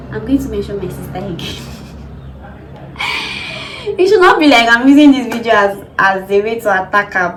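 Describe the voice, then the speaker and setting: A young woman in her twenties with a Nigerian English accent, telling stories in a chatty, laughing vlog. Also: medium pitch. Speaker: vlogger. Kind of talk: casual storytelling vlog. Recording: echoey room with crowd noise behind.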